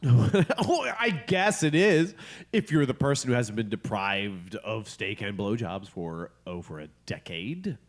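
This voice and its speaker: This male podcast host has a lowish voice and sounds animated but unhurried. In casual studio banter he jokes, mocks himself, swears freely and laughs often.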